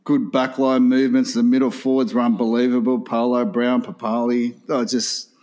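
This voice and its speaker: A man's voice: mid-range voice, level tone, moderate pace, a little mellow. A man chatting casually about sport as a podcast co-host, laughing often and swearing freely.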